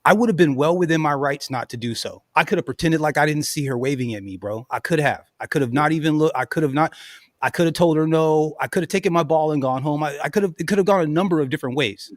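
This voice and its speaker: Male host, high voice, dry close sound; animated storyteller who laughs a lot. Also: fast talker, no room sound. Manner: animated, laughs often, says "bro" and "you know what I'm saying". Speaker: podcast host. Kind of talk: casual storytelling chat.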